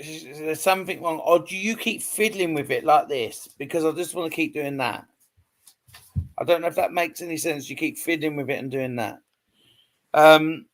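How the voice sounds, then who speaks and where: Brief: male medium, slightly high voice, hesitant, repeats himself, keeps checking in. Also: fairly bright tone. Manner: hesitant, repetitive, reassuring, frequent "okay?" checks. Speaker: psychic medium. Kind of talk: live online reading.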